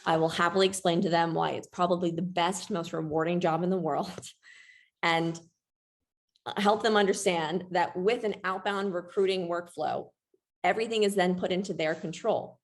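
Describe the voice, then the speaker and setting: A woman's voice: fairly low pitch, fairly even intonation, moderate pace. A woman presenting a webinar in a casual, chatty way, often saying "like" and keeping an upbeat tone.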